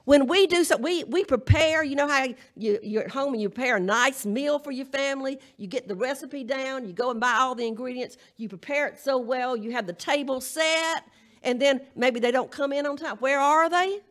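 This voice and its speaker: A woman's voice: sits high, moderate pace, fairly bright tone. A woman minister with a Southern US accent, delivering a humorous, emphatic charge to a congregation at a live church service. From Southern United States. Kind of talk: folksy sermon-style charge.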